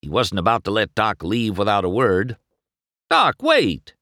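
A man narrating a storybook aloud in a slow, expressive way. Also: fairly low pitch, no room sound, clean studio sound. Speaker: storybook reader.

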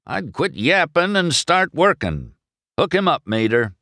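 A man voicing a gruff, commanding old male car who acts as town judge in a storybook reading. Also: medium pitch, wildly swooping pitch, a little slow, a bit bright, no echo, studio quality, pitched above the performer's own voice, heavily acted. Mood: stern. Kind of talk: storybook character voice.

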